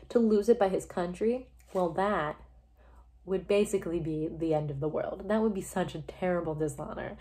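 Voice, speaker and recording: A woman speaking into a phone in a loose, informal way, full of fillers and rough asides. She talks through a play as casual commentary. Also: lowish voice, moderate pace, mellow. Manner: chatty and informal, swears, filler-heavy. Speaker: video creator summarizing a play.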